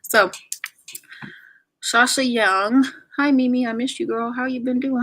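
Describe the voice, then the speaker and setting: Young woman livestreamer, chatty and bright-toned, reading comments to viewers. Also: fairly high pitch, fairly even intonation, unhurried, pauses often. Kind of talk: casual livestream chat.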